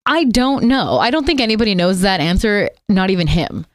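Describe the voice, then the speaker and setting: A woman radio host chatting as a podcast guest, lively and quick to laugh, with many fillers. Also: medium pitch, no room sound. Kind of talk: casual chat.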